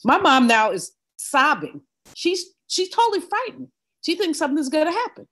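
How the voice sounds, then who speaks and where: An older woman, a guest in an interview, telling a personal story in a vivid, animated way. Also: high-pitched, moderate pace. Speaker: guest economist.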